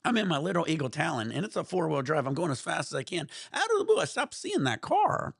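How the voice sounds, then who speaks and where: Stream host, male, gravelly voice, dry close sound, swearing through a road-rage story. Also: a little high, quick pace, no echo. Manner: profane, animated ranting. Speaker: livestream host. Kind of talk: casual storytelling to stream chat.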